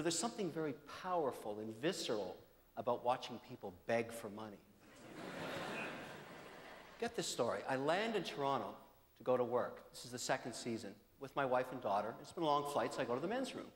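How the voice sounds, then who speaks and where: Man hosting a comedy show, lively pitch, echoey hall, animated storytelling. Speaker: comedy festival host. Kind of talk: stand-up hosting. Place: live comedy festival stage.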